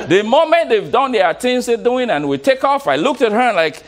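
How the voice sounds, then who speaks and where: A male motivational coach speaking to a live audience, his voice pitched high and swinging widely up and down. He is animated, laughs often and repeats words as he coaxes the crowd to answer back. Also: a little slow.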